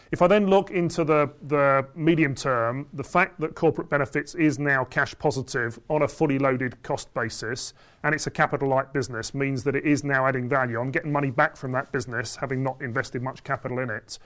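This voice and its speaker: A man, a company chief executive, answering analysts in a results Q&A, measured and often restarting phrases. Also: medium pitch, a bit bright. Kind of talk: results presentation Q&A.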